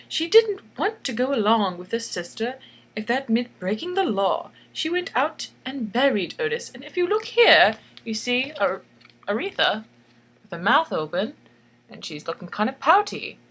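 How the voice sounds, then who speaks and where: A woman's voice: fairly high pitch, big pitch swings, moderate pace, a bit bright, breathy edge. A woman reading aloud her own picture book as a playful bedtime story, with jokey asides. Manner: jokey, chatty asides, laughs at own jokes.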